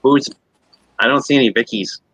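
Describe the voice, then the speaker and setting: A man's voice: medium pitch, moderate pace, a bit bright, slightly rough, no room sound, low-quality recording. A man on a casual livestream panel, making blunt remarks and asking teasing questions. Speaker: panel guest.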